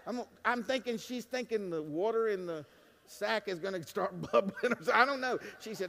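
Male pastor, high tenor, dynamic preaching with humor, church reverb tail. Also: a little fast. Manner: dynamic preaching, swings from hushed to loud, joking asides. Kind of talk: sermon. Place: church sanctuary. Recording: long reverb of a large church.

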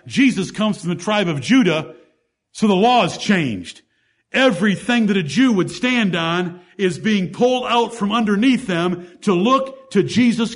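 In this sermon, a high-voiced man goes verse by verse through the Bible, stressing his points forcefully and posing rhetorical questions to his listeners.

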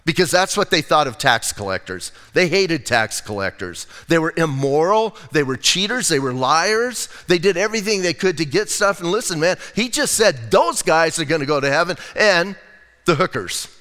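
A man preaching a sermon as pastor, in a casual, lively way with slang asides. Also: fairly high pitch, moderate pace, long reverb tail.

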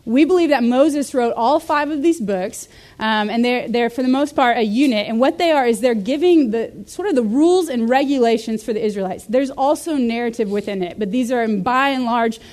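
A young woman teaching a Bible study class in a lively, conversational way, full of rhetorical questions. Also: a little high, fairly quick.

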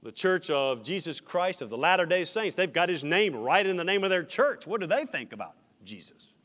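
Male pastor, emphatic sermon delivery, animated pitch, long hall reverb. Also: moderate pace. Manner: emphatic preaching with shifting dynamics. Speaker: senior pastor. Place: church sanctuary.

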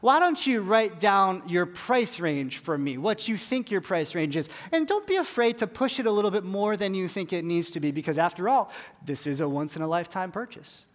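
A man's voice: sits high, animated, moderate pace. A man quoting a stern woman jeweler. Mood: polished. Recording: long hall reverb.

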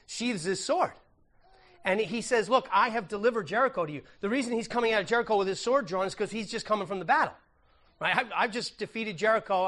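High-voiced man giving a lively sermon. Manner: conversational and animated, retells the story with humor and asides. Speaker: pastor. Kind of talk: sermon teaching. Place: church.

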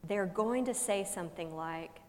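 A woman pastor delivering a sermon as a humorous story, with dramatic pauses and shifts between loud emphasis and hushed soft lines. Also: medium pitch. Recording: long reverb of a large hall.

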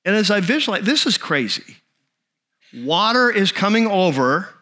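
A man preaching a sermon, telling a story in an animated, conversational way with frequent restarts. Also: high voice, moderate pace. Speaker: pastor.

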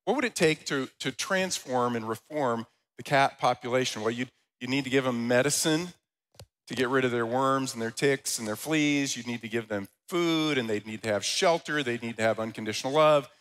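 A man preaching a Sunday sermon as the church's pastor. He tells stories in a lively way and reads scripture aloud. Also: mid-range voice, normal speed, poor audio. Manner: animated storytelling with loud, rising quoted voices.

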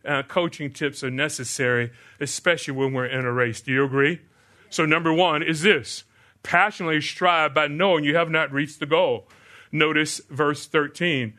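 A man's voice: a little high, fairly even intonation, moderate pace, pushed and bright. An older man preaching a sermon, asking the congregation rhetorical questions and answering them himself. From United States. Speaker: pastor.

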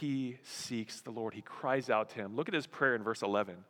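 A man preaching a sermon as pastor, animated, acting out voices and exclamations. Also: mid-range voice, brisk, few pauses. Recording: long hall reverb.

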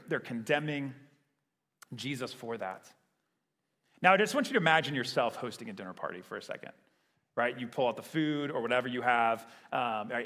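A man's voice: fairly high pitch, fairly bright tone, long reverb tail. A man preaching a sermon in a conversational way, often checking in with "right?". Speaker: pastor.

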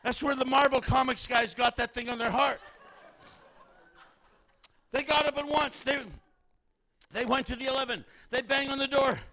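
A man preaching a sermon, telling a story dramatically and acting out the people in it, sometimes shouting. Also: very high voice, steady tone, moderate pace, pauses often. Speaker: pastor.

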